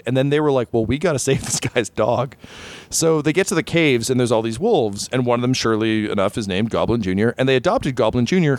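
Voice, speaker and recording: Animated storytelling man, dry close sound. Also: mid-range voice, no echo. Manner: animated storyteller, acts out quoted voices. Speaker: game master. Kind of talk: casual podcast chat.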